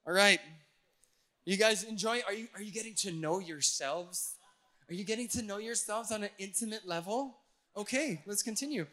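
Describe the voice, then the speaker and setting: A man's voice: high-pitched, expressive, moderate pace, pushed and bright. A male pastor giving a playful sermon, teasing his audience before reading scripture. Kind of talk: playful sermon to a youth crowd.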